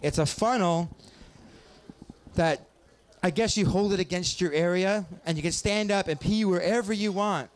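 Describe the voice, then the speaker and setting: A man doing a stand-up comedy set on a small pub stage, with a wry, deadpan delivery and quick asides to the crowd. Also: high-pitched. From Ontario, Canada. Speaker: stand-up comic.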